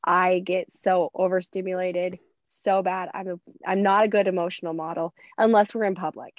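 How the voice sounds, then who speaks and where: A woman hosts a podcast in easy casual chat, laughing often and leaping high in pitch whenever she acts out what someone said. Her voice sounds dull and muffled. The recording is close and dry, with no room sound. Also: level tone, moderate pace, dry recording. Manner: chatty, laughs often, acts out quotes with big pitch jumps. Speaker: podcast host.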